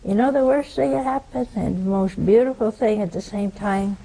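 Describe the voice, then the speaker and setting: A woman's voice: unhurried, vocal fry, warm tone, rough recording. An older woman with a Southern American accent preaching a sermon, telling a story and asking rhetorical questions. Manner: storytelling, rhetorical questions, pitch swings for emphasis.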